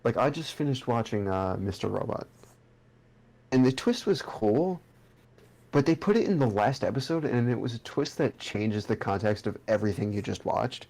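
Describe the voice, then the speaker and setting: A man's voice: mid-range voice, animated, moderate pace, gravelly, a little mellow. A young man co-hosting a podcast in casual chat, rambling and swearing freely as he restarts his sentences. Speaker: podcast co-host.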